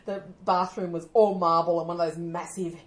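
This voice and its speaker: An Australian woman co-hosting a podcast, telling stories in a casual, animated way and often laughing as she talks. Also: fairly low pitch, fairly quick. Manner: animated storytelling, often laughing mid-sentence. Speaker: podcast co-host.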